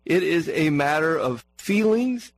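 A man's voice: a little high, animated, measured pace, dry recording, poor audio. A man preaching a sermon in an earnest manner, repeating words for emphasis and asking the congregation questions.

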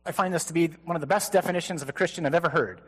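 A priest preaches to a men's conference with humor and energy, sometimes mimicking a flat, droning reader. His voice sits a touch high. A long hall reverb trails behind every phrase. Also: racing, slightly rough. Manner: animated, joking, mimics flat gospel readings. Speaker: Catholic priest. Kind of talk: conference sermon.

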